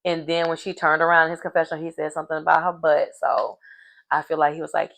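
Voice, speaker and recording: A woman giving a sassy, animated casual recap of a reality show, calling her listeners "baby" and "honey" and laughing as she goes. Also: low-pitched, quick pace, gravelly. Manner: sassy, animated storytelling with terms of endearment; laughs mid-sentence.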